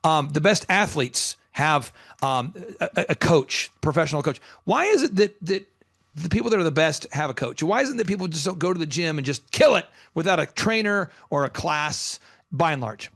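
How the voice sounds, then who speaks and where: A man's voice: a little high, animated, moderate pace, a bit bright, no room sound, clean studio sound. Emphatic, rambling man hosting a coaching show. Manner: rambling, emphatic storytelling with many restarts. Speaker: business coach and show host. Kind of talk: energetic coaching talk.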